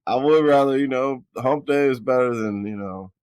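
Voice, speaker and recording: A man co-hosting a film review podcast, chatting casually in a laid-back, slangy way and acting out scenes with quick put-on voices. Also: medium pitch, darkish tone, clean tone, no echo. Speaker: podcast co-host.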